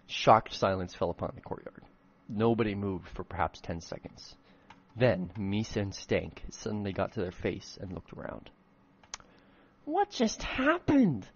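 A man's voice: low-pitched, steady tone, moderate pace, breathy edge, dull audio. A man reading his own old fan fiction aloud in a comedic dramatic reading, breaking off for self-mocking, swearing asides.

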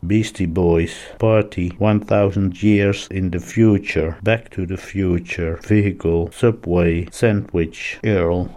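A man speaks single words in a calm, unhurried free-association chain. His voice sits low and mellow, and his delivery stays flat and even from word to word, with short pauses between them.

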